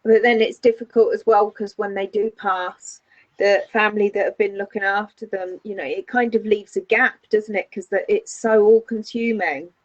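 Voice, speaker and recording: A woman's voice: mid-range voice, fairly even intonation, moderate pace. A woman with a Northern English accent co-hosting a casual crafting chat and chiming in with agreement. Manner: supportive listener, brief agreeing replies. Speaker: podcast co-host. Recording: slightly dull lo-fi sound.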